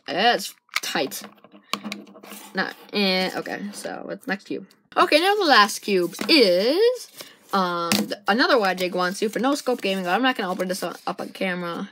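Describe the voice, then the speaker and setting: A woman casually chatting through an unboxing, excitable and rambling as she thinks aloud, recorded on a camera's built-in mic. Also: medium pitch. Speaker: vlogger unboxing puzzle cubes. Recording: noisy amateur camera recording.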